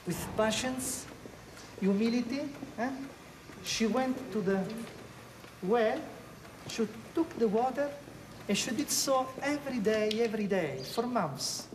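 A woman guiding visitors, speaking haltingly and tagging phrases with a questioning "huh?". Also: a little high, lively intonation, noisy background. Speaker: tour guide. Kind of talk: on-site guided explanation.

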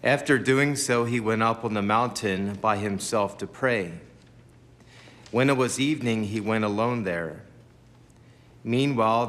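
A man giving a measured Gospel reading aloud, deliberate, with long pauses between phrases. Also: lowish voice, fairly bright tone. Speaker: scripture reader.

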